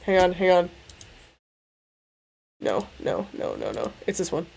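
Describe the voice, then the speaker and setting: A woman's voice: on the low side, big pitch swings, measured pace, vocal fry, a little mellow, slight background noise. Crude, joking young woman streamer. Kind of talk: casual gameplay stream chat.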